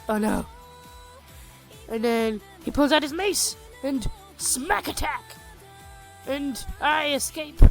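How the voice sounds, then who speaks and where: A young woman casually retelling a tabletop game session with rambling, self-mocking, crude humor, recorded on a cheap home microphone. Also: high voice. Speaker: storyteller recounting a tabletop game. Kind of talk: casual narrated storytelling.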